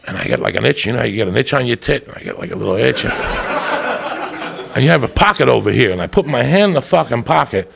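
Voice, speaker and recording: Gravelly, profane stand-up comic. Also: male voice, mid-range voice, animated, fast talker, a crowd in the background. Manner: loud, profane, shouts punchlines. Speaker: stand-up comedian. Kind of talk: stand-up storytelling.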